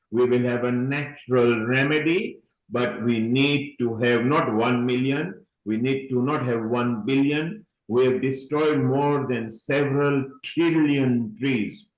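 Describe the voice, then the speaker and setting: A man hosts an online gathering over a video call. He rambles from point to point and calls people honey. His mid-pitched voice carries a noticeable roomy echo. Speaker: host of an online event. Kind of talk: warm encouraging video-call hosting.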